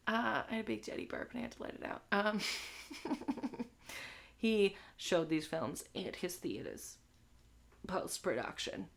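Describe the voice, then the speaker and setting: A woman's voice: mid-range voice, sing-song, unhurried, pauses often. A young woman hosting a live movie stream, chatting crudely and tagging her lines with "all right?". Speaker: livestream movie host. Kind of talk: casual chat to a live audience.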